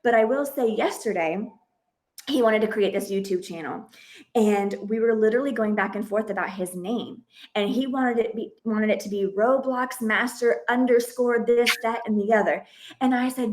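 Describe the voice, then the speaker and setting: Woman host of a parenting podcast, fairly high-pitched, chatty and animated, slips into quoted dialogue while telling a story. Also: normal speed. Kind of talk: podcast interview, conversational.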